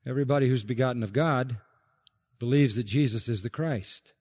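A man preaching an expository sermon as pastor, emphatic, repeating key phrases and slowing down to stress them. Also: medium pitch, darkish tone, in a large hall.

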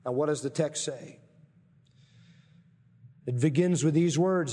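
Emphatic preacher in a reverberant hall. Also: male voice, fairly high pitch, mellow. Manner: emphatic, slows down to stress key phrases. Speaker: pastor. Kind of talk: sermon.

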